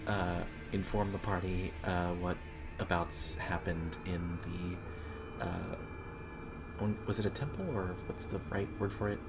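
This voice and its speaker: A man's voice: low-pitched, flat delivery, unhurried, creaky, loud music behind the voice. A man playing a tabletop game, explaining hesitantly with many uhs. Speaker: player. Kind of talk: casual game chat.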